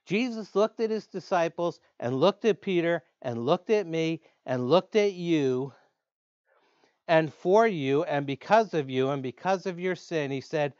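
Earnest preacher man, fairly high voice. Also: animated, a little mellow, clear, resonant tone, no echo. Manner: earnest, slows down to stress key words. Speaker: pastor. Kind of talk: sermon. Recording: dull lo-fi dry sound.

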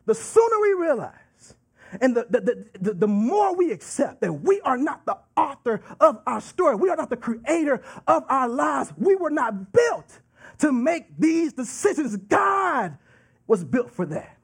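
Man preaching, real high voice, slow and drawn out, kinda husky. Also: very animated. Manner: emphatic, drawn-out preaching with call-and-response asides. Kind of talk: sermon.

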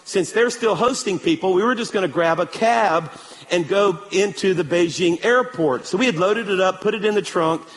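High-voiced man preaching in an echoey hall. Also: moderate pace. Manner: animated storytelling, calls for amen. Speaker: pastor. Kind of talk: sermon.

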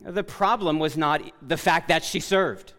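A man preaching a sermon as pastor, loud and emphatic, often correcting himself mid-sentence. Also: fairly high pitch, measured pace. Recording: long reverb of a large hall.

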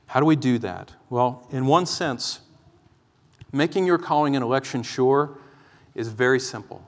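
A man preaching a sermon from the pulpit, earnest and pleading, moving between urgent exhortation and quieter teaching. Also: mid-range voice, measured pace. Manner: impassioned, pleading, swings from loud exhortation to quiet explanation. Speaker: pastor. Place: church. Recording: long reverb of a church hall.

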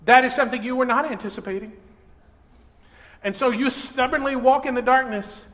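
A man preaching a sermon as pastor, earnest and animated, acting out everyday voices. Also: very high voice, brisk. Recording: reverberant hall.

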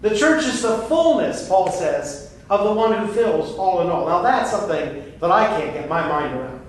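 Emphatic pastor, higher voice, preaching from a distance in a big, reverberant hall. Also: male voice, sing-song, moderate pace. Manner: earnest and emphatic, with frequent restarts. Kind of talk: sermon. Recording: very echoey room, voice far from the mic, faint noise.

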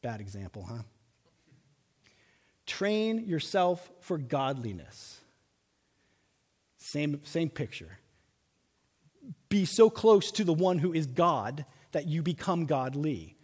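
A man preaching a sermon as pastor, animated, slowing down to stress his points. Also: a little high, breathy edge. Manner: animated preaching with slow emphatic stretches. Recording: long reverb of a large hall.

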